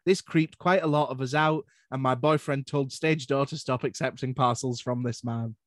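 A Scottish man hosts a podcast in a playful, chatty way. His voice is mid-pitched for a man and recorded dry and close, with no room sound. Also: fairly even intonation, normal speed, no room sound. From Glasgow, Scotland. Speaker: podcast host. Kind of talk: casual chat.

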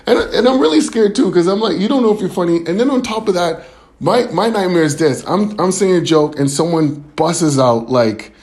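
A man performing a stand-up comedy set, telling a story in an animated way with laughs and quick acted quotes. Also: a little high. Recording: loud crowd and noise behind. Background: crowd laughter and room noise.

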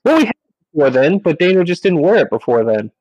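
Brief: lively male player, slightly high, very dry close sound. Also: fast, no echo, dull audio. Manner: lively, animated, laughing. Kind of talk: tabletop game play.

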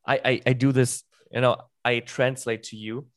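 A man's voice: medium pitch, flat delivery, dry recording. Podcast guest, man, late twenties, stop-start casual delivery, dry close sound. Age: 20s. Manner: halting, many restarts and fillers. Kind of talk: casual chat.

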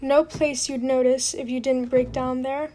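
Slow, high-voiced woman reading a book. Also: level tone, warm tone, a little hiss or hum. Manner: unpolished, apologetic for slips. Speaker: reader. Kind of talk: amateur audiobook reading. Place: home.

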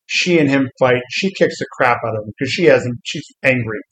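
A man's voice: mid-range voice, normal speed, low-quality recording. A man in a casual comics chat who retells scenes with lots of energy and acts out the quotes. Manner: animated storyteller, acts out quotes.

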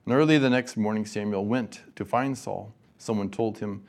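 A man's voice: on the low side, moderate pace, creaky, darkish tone. Guy preaching at a college chapel, laid back, cracks jokes w the crowd. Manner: casual and joking with the audience. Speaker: guest chapel speaker. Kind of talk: chapel sermon.

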